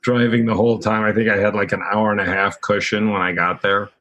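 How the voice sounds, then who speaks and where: A man's voice: lowish voice, flat delivery, brisk, fairly bright tone, lo-fi sound. A man who is a guest comedian on a podcast, telling rambling, self-deprecating stories in casual chat.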